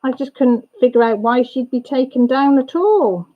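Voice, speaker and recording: A woman's voice: high-pitched, normal speed, lo-fi sound. Chatty woman on a livestream. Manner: chatty and gossipy, laughs often, greets viewers by name. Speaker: livestream host. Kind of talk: casual chat with live viewers.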